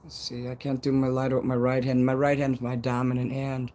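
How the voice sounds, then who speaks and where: A man's voice: medium pitch, monotone, fairly quick, mellow, a little hiss or hum. A man from Chicago with a Chicago accent, chatting casually on a live stream outdoors at night, rambling and swearing freely. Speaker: livestreamer.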